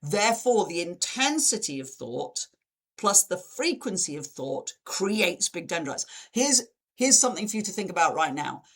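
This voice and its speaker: Lively woman presenting a webinar. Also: moderate pace, husky. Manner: lively, acts out dramatic quotes with big pitch jumps. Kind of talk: live online talk.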